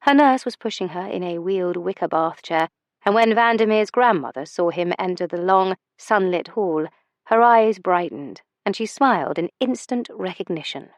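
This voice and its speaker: A woman narrating a historical romance audiobook in a measured, expressive storytelling manner. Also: mid-range voice, no room sound.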